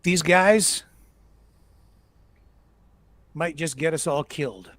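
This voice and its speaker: A man's voice: fairly high pitch, a little slow, fairly bright tone, no room sound. A man hosting live political commentary, emphatic and ranting, hammering his points through repetition.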